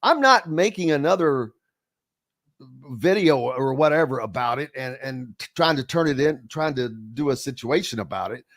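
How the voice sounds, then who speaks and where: A man hosting a casual sports radio talk show, halting and restarting often. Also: mid-range voice, expressive, a bit bright.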